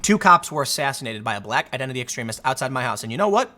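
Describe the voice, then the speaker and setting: A man in his thirties giving casual, sarcastic commentary and telling stories in an animated, mocking way. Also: mid-range voice, rapid-fire.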